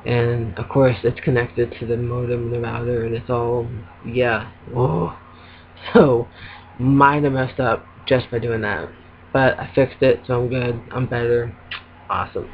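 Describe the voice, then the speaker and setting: A man's voice: medium pitch, fairly even intonation, a little slow, slight background noise. A man venting casually to camera from home, rambling with lots of ums and little laughs. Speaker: vlogger. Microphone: laptop webcam. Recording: dull lo-fi webcam audio.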